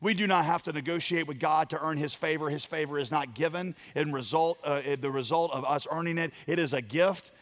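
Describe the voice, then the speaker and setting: A man preaching a sermon, building to loud emphatic lines and dropping to quiet ones. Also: on the high side, fairly quick, hardly any pauses. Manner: emphatic preaching, dramatic swings in volume. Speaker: pastor.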